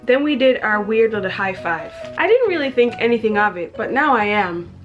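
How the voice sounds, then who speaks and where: A woman's voice: a little high, very animated, moderate pace, dull audio, soft background music. A young woman reading her teenage diary aloud, breaking off for chatty, self-mocking asides and frequent giggles. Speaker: vlogger.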